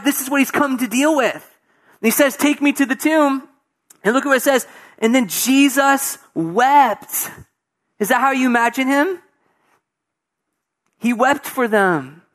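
A male pastor with a high voice preaches expressively. He shifts from quiet, intimate moments to raised emphasis and drops in casual, conversational asides. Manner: expressive, swings from soft hushed passages to raised emphatic preaching; conversational asides, acts out voices of people in the story. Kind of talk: sermon.

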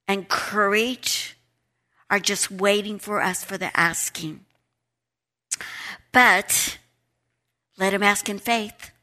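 A middle-aged woman teaching a Bible study lesson, reading scripture and praying, emphatic and animated, repeating key words. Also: mid-range voice.

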